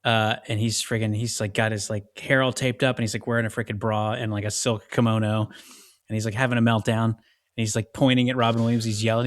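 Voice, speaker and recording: A man's voice: lowish voice, level tone, quick pace, no room sound, clean studio sound. A man co-hosting a podcast, casually retelling film scenes with slangy, enthusiastic storytelling. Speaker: podcast co-host. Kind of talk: casual movie chat.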